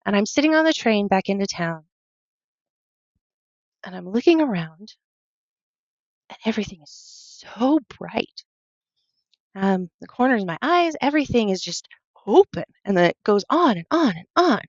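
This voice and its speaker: A woman guest telling a personal story in a casual way. She quotes other people, uses plenty of fillers and sounds animated. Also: medium pitch, normal speed, long pauses, dry recording. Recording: dull, slightly lo-fi sound.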